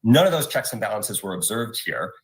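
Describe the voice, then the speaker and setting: Measured man in a news interview clip. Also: lowish voice, big pitch swings, rough recording. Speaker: interviewed legal advocate.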